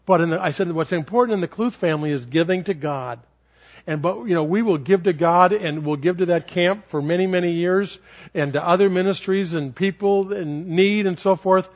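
A middle-aged man delivers a sermon in a high, animated voice, acting out children's voices as he tells his stories. The recording is dull and lo-fi. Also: moderate pace. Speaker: preacher.

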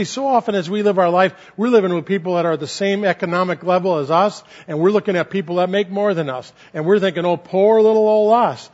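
A man preaching a sermon as pastor, earnest and repetitive, building emphasis as he goes. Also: high voice. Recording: dull lo-fi sound.

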